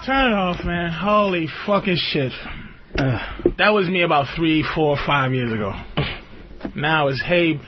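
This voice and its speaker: A man's voice: a little high, expressive, measured pace, pauses often, faint music behind. A man hosting a radio call-in show, ranting in a profane, rambling way and laughing often. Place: radio studio. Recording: dull lo-fi radio recording with faint hiss.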